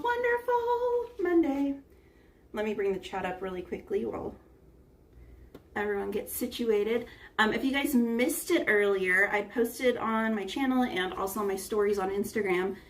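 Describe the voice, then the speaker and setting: A woman's voice: mid-range voice, recorded from a distance. A woman hosting a casual cooking livestream, chatting with her viewers and greeting them one by one by name. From United States. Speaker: livestream host. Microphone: phone front camera.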